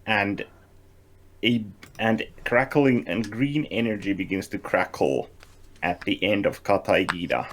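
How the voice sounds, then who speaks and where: A man playing a tabletop game, describing his character's actions in a slow, deliberate way with pauses. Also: on the low side, a little hiss or hum. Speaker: player.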